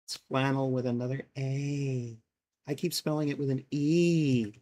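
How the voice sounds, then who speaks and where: A woman's voice: a bass voice, fairly even intonation, unhurried, dark tone. A woman casually chatting and thinking aloud while she plays a game on a live stream, sometimes mocking herself. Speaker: livestreamer.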